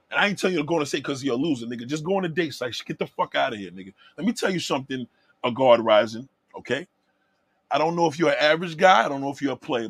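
A man who rants at his livestream chat, loud and heated. His voice is husky and swings wildly up and down. The sound is dry and close, with no room echo. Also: on the high side. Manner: loud, heated, swearing, rhetorical questions, repeats himself. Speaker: livestream host reacting to chat comments. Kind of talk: profane livestream rant.

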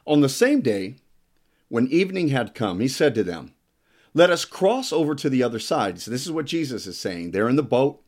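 A man's voice: mid-range voice, very animated, normal speed, a little mellow. A man preaching a sermon, reading scripture and adding emphatic, playful asides.

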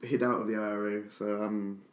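A man's voice: lowish voice, level tone, fairly quick. A man guesting on a podcast, chatting casually in a rambling, sardonic way. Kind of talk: casual chat. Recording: echoey room with faint noise.

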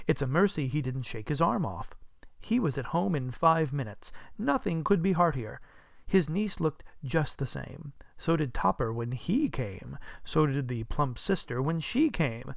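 A man narrating a classic story in an expressive, storytelling manner. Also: a little high, moderate pace, vocal fry, dry recording, clean studio sound. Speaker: audiobook narrator. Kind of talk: scripted narration.

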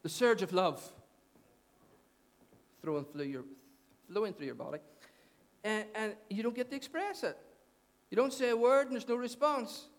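High-voiced pastor preaching. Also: male voice, normal speed, pauses often. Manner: conversational, repeats phrases, asks the congregation questions. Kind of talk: sermon. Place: church hall. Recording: long church hall reverb.

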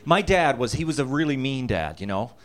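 A man in his fifties from Massachusetts spins a comic childhood tale in a voice of middling pitch. He laughs through his lines, and he breaks into little voices and sound effects as the story builds. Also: big pitch swings, a little fast. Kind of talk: comedic personal storytelling.

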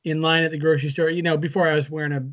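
A young man from the Seattle area chats easily as a podcast co-host, agreeable and relaxed. His voice sits a little high. It comes through dull, lo-fi video call audio. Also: racing. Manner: easygoing, agreeable. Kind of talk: casual chat.

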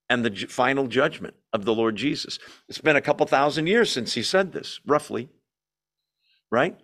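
Man teaching Bible study, animated. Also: on the high side. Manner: animated, asks and answers his own rhetorical questions.

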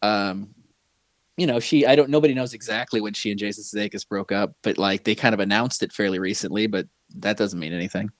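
A man's voice: fairly low pitch, fairly quick, dry recording. Rambling man chatting, dry sound. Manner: rambling, many restarts and fillers. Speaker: podcast co-host. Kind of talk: casual chat.

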